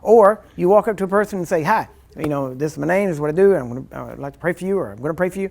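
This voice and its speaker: A man's voice: fairly high pitch, lively intonation, very fast, creaky, a little mellow, a little hiss or hum. Rambling, chuckling male minister teaching. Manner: rambling and conversational, acts out little scenes with chuckles. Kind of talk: informal teaching sermon.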